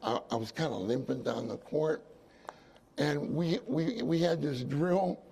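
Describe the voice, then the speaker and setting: A man delivers a sermon testimony in a gravelly, husky voice that sits a little high for a man. His tone is dark and mellow, and he tells his story in a loose, repeating way, breaking off now and then to reassure his listeners. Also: a little slow. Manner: storytelling, repeats phrases, asides to the congregation. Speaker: preacher.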